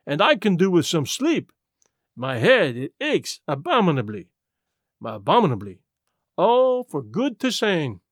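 A man voicing a small, fussy, self-assured male detective who speaks gently and in a measured, lecturing way. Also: fairly high pitch, wildly swooping pitch, dry recording, studio quality, full character voice. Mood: tired.

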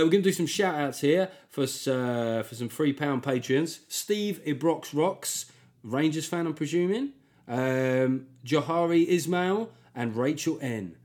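Sarcastic podcast host, lively. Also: male voice, medium pitch. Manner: rambling, sarcastic, self-deprecating. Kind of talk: solo podcast monologue.

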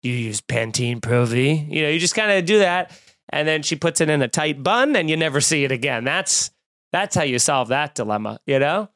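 A man on a podcast rants in a lively, exasperated way, swearing freely as he riffs for laughs. His voice sits a touch higher than most men's. The sound is close and dry, with no room echo. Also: a little fast. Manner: animated, exasperated ranting with frequent cursing. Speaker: podcast host. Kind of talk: casual comedic podcast rant. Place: room at home with windows open.

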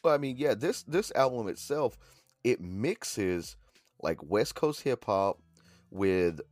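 A man's voice: fairly low pitch, slow pace, dry recording, soft background music. A man co-hosting a podcast in casual chat, telling stories and acting out quotes. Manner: animated storyteller, acts out quotes. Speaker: podcast co-host.

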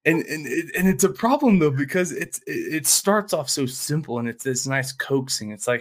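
A man's voice: fairly high pitch, lively intonation, moderate pace, few pauses. A man co-hosting a casual political podcast, talking bluntly with swearing and often acting out quoted voices with a laugh. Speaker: podcast co-host. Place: small mountain town home studio.

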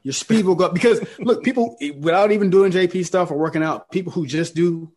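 A man's voice: sits high, a little fast, a little mellow, breathy edge. A man co-hosting a casual golf podcast, talking emphatically and joking as he rants.

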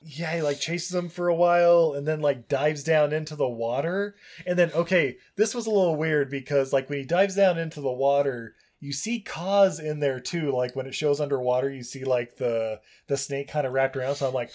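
Rambling, halting man recapping a movie. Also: fairly high pitch, a little mellow. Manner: rambling, halting, full of fillers. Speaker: podcast co-host.

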